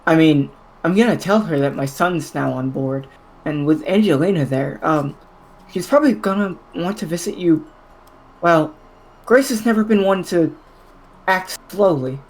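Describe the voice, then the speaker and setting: A game master voicing a wry, teasing middle-aged female ruler in a tabletop role-play, dry and unhurried. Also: medium pitch, lightly acted, rough recording.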